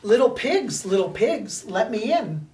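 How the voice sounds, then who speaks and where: A woman's voice: fairly high pitch, sing-song, a little slow, dark tone. A woman voicing the big bad wolf, a blustering male wolf who draws out his threats, recorded in a roomy space from a distant mic. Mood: threatening.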